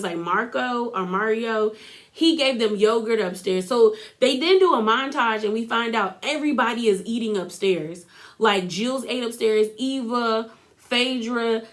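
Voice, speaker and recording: A woman giving a casual, opinionated recap of a reality TV episode, talking loosely with lots of "like" and acting out what people said. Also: a little high. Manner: chatty, full of "like" and opinions, acts out quotes.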